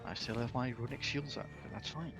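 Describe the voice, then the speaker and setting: A man's voice: mid-range voice, brisk, gravelly, over music. A man playing a tabletop game, speaking casually and often asking about the rules. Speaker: player.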